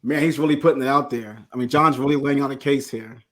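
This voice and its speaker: A man's voice: mid-range voice, fast talker. A man hosting an interview, asking probing, curious questions. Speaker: podcast host.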